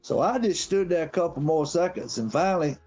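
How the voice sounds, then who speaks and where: A high-voiced man with a drawl spins a rambling yarn full of profanity. His delivery is animated and casual, with faint music playing behind him. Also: a little fast. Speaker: guest on a live stream. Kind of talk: casual storytelling.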